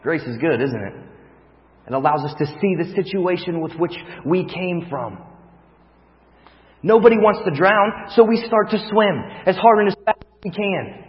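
A man preaching a sermon, telling a vivid story that swings from hushed to loud. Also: high-pitched, animated, normal speed. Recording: long reverb, dull lo-fi sound.

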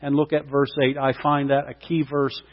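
A man pastor preaching a sermon, impassioned and swelling loud at key points. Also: mid-range voice, monotone, normal speed. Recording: long hall reverb, dull lo-fi sound.

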